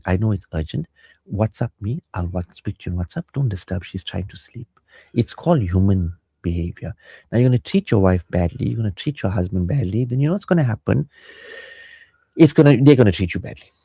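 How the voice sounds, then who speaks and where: Male radio advice host, mid-pitched, animated, slips into voices for quoted lines, dry studio mic. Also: no room sound. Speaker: radio counselling show host. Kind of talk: casual radio talk with advice.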